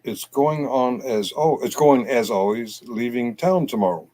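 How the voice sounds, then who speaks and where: A man's voice: medium pitch, expressive, a little slow, dark tone. Man, American, livestream host, late-night chat, rambling, reads comments, laughs a lot. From United States.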